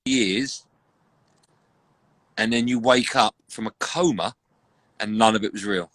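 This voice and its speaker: A man's voice: fairly low pitch, fairly bright tone, no room sound. Joking man, dry sound. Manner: jokey storyteller, brisk anecdotes. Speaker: radio host. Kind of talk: casual live-stream chat. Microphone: online live video call.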